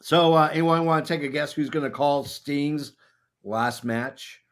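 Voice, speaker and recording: A man hosting a casual chat show, rambling along with many filler pauses. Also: fairly high pitch, a bit bright. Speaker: podcast host.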